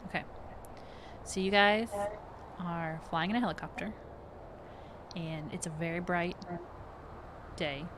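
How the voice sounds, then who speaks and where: A woman's voice: fairly low pitch, measured pace, long pauses, noisy background. A woman narrating a tabletop game as game master, casual and a little hesitant, with many fillers.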